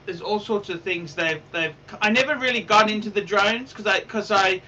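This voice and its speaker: A man's voice: sits high, moderate pace, bright, forceful tone, distant mic, highs cut off, slight background noise. A man hosting a livestream in casual chat, rambling, repeating himself and swearing. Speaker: livestream host.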